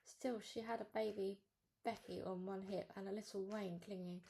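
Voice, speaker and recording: A woman reads a children's novel aloud, narrating in a lively, cheeky first-person voice. Her tone has a gravelly edge, at a middle pitch, with faint noise in the background. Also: normal speed. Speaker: storybook reader.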